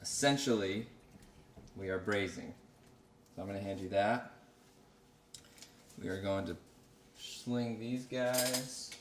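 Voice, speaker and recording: Man, casual cooking chat, low voice, distant mic, frying noise behind. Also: takes it slowly, long pauses. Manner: relaxed, chatty, repeats phrases. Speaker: cook. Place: kitchen. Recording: echoey kitchen, mic from afar, noisy. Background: frying and sizzling.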